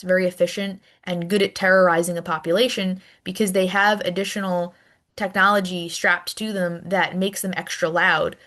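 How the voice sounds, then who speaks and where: A woman teaching a recorded history lecture in a conversational way, often restarting and repeating words as she goes. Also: fairly low pitch.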